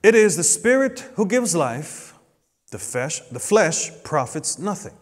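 A man preaching a sermon as pastor, swinging between loud emphatic peaks and soft hushed asides. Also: fairly high pitch, sing-song, measured pace, in a large hall.

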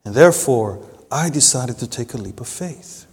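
A man preaching a sermon with an accent, slow and deliberate, and rising to emphatic peaks. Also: medium pitch, lively intonation, creaky, darkish tone, big-room sound, a little hiss or hum. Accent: non-native English accent. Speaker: pastor.

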